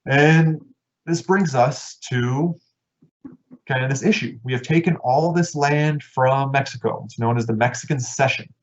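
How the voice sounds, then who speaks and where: A man giving a casual history lecture, talking conversationally and voicing people's thoughts in quick asides. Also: medium pitch. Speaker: history teacher. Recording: dull lo-fi recording.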